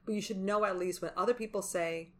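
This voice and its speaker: A woman co-hosting a podcast in casual chat, emphatic and animated, with quick swings in pitch. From Latin American heritage. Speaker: podcast co-host.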